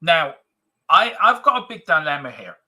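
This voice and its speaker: Bright-voiced man hosting a fan stream. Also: a little high, very animated, normal speed, husky. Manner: chatty, reads out viewer comments, hesitant restarts. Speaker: fan channel host. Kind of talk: casual live-stream chat.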